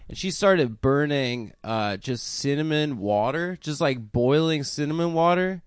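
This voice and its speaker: Lively young man telling rambling stories. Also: on the high side, unhurried, clear, resonant tone, no room sound, studio quality. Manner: rambling storyteller, laughs often. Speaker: podcast co-host. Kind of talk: casual chat.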